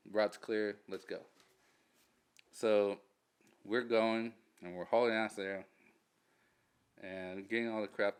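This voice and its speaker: A man who is a military veteran, telling a war story in a casual interview, swearing freely, animated and laughing as he goes. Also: on the low side, clean tone.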